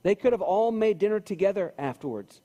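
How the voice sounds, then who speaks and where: A man's voice: high-pitched, expressive, fairly quick, warm tone. A man preaching a sermon in a church, talking in a conversational way and repeating phrases for emphasis. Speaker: pastor. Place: church sanctuary. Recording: long hall reverb.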